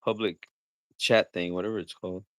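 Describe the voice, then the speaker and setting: A man's voice: deep voice, fairly even intonation, fairly quick, no room sound. A man hosting a casual livestream chat, joking around, laughing things off and acting out the voices of people he quotes. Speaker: livestream host.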